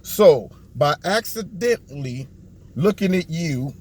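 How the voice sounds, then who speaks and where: A man's voice: expressive, takes it slowly, a loud crowd. A man giving sarcastic political commentary on a video, mocking the people he talks about. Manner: mocking, acts out what others think in a low put-on voice.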